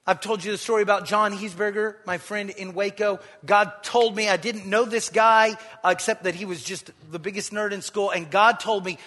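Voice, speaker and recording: A man pastor preaching a sermon, calling on the congregation to answer and swinging from loud exhortation to quiet storytelling. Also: high voice, moderate pace, big-room sound.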